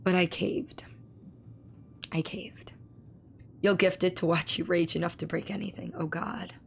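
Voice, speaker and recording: A hoarse woman with laryngitis, chatting casually with her stream viewers and reading their messages aloud, speaking slowly to spare her voice. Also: on the low side, fairly even intonation, whispered. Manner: reads viewer messages aloud and answers them. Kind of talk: casual live-stream chat.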